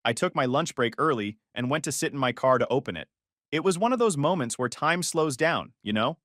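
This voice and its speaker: Brief: male narrator, tense confessional story read, animated intonation. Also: mid-range voice, a little fast, no echo, studio quality. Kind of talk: first-person story narration.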